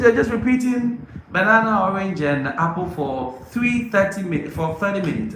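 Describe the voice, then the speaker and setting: A man acting out an English lesson for young kids, repeating words in sing-song calls, then explaining quietly. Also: sits high, gravelly. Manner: repetitive sing-song teacher calls alternating with quiet asides. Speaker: English teacher giving advice. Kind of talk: mock classroom demonstration with explanation. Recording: echoey room with faint noise.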